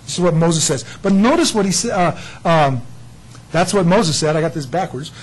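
A man preaching a sermon, emphatic and animated, often voicing God's words in quick asides. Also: on the high side, poor audio. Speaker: pastor.

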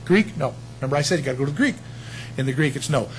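A man preaching a sermon in an animated, conversational way, acting out short quotes. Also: medium pitch, rapid-fire, breathy edge, rough recording.

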